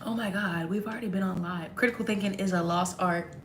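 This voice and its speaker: A young woman chatting casually to viewers on a livestream, sarcastic and quick to laugh. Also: medium pitch, steady tone, roomy sound, slight background noise. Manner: sarcastic, laughs often, talks straight to viewers. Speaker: livestream host.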